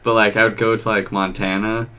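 A man's voice: fairly low pitch, little pitch movement, a little fast, bright, forceful tone, a little hiss or hum. A man from Texas hosting a podcast, swearing and laughing through casual crude banter. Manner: profane, laughs often. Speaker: podcast host.

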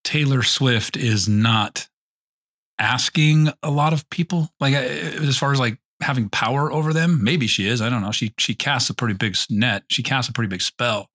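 A man's voice: medium pitch, moderate pace, fairly bright tone. Man ranting on a podcast. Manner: heated ranting, swearing, mocking. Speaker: podcast co-host. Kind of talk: casual podcast chat.

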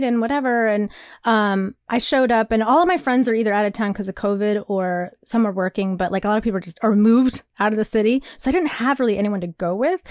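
A young woman co-hosting a casual chat, rambling and animated, laughing often and filling her talk with "like". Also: fairly high pitch, quick pace, no room sound, clean studio sound. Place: New York.

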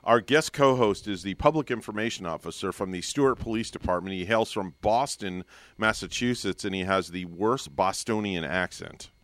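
A man's voice: on the low side, moderate pace, fairly bright tone, dry recording. A man hosting a morning radio show, chatting in an upbeat way while he calls another station. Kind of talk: casual radio banter. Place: radio studio. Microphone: studio microphone.

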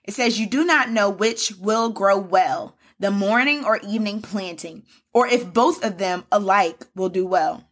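A woman's voice: medium pitch, a little slow, hardly any pauses. A woman hosting a solo devotional podcast, preaching fervently in a repetitive cadence and calling listeners "baby" and "y'all". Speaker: podcast host.

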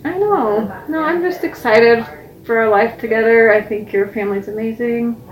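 A woman's voice: on the high side, moderate pace. A woman, the bride, answering her groom in short, affectionate lines. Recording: echoey room with a loud crowd. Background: loud crowd chatter.

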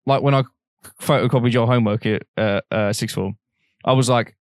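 A man's voice: medium pitch, steady tone, quick pace, no echo, clean studio sound. A young man telling a frank personal story on a podcast, swearing freely and acting out the voices of people he quotes. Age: young adult. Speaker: podcast co-host. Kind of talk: casual storytelling chat.

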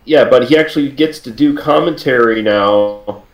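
A man's voice: medium pitch, normal speed, echoey room, poor audio. A man co-hosting a casual podcast, speaking bluntly and skeptically. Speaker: podcast co-host. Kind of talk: casual chat.

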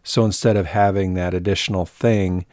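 Man, podcast co-host, low voice, dry close sound, rambling, self-mocking. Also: fairly even intonation, moderate pace, darkish tone, no room sound. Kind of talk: casual chat.

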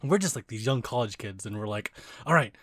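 A young man in casual conversation, telling a story in an animated way, laughing often and acting out the people he quotes. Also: lowish voice, brisk, no room sound.

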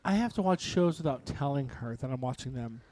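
A man's voice: mid-range voice, lively intonation, a little fast, mellow. A man co-hosting a podcast, chatting casually in a dry, matter-of-fact way. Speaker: podcast co-host. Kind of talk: casual chat.

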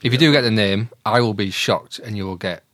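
A man's voice: lowish voice, a little fast, fairly bright tone, no room sound, clean studio sound. A man hosting a casual podcast quiz, explaining answers in a teasing way. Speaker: quiz host.

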